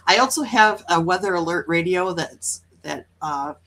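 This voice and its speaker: A woman's voice: fairly low pitch, lively intonation, normal speed, fairly bright tone. Chatty woman host. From Wisconsin, US. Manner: chatty, upbeat, with frequent laughs. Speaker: livestream host reading chat. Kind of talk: casual morning livestream chat.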